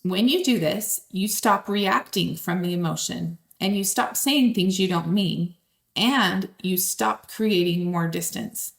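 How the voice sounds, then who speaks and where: A woman, possibly in her thirties, calmly teaching step-by-step steps and speaking straight to the listener. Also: fairly low pitch, slow pace, creaky. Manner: calm, direct, speaks to the listener. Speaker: host.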